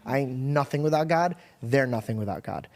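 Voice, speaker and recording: A man's voice: medium pitch, animated, a little fast. A young man co-hosting a podcast, telling stories in loose, slangy casual talk. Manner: loose, slangy storytelling with swear slips. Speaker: podcast co-host. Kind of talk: casual chat.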